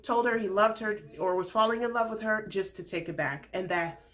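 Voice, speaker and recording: A young woman in her twenties giving a frank, animated casual recap of a TV show as the host of her vlog. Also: mid-range voice, fairly quick. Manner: frank, animated storytelling with candid opinions.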